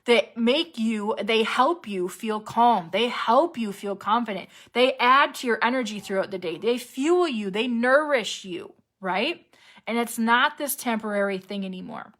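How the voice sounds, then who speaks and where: Woman, health coach, casual motivational talk, fairly high voice, chatty, lots of "right?". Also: animated, unhurried. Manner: acts out panicky inner voices with sharp jumps in pitch.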